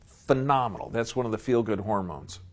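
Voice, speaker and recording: A man's voice: fairly low pitch, expressive, a little fast. A man giving a live seminar lecture, folksy and emphatic, often checking in with his audience. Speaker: seminar speaker.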